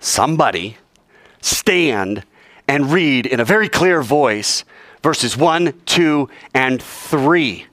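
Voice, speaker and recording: Lively man teaching a Bible class. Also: mid-range voice, slow, dry recording. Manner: animated, quizzes the class with questions.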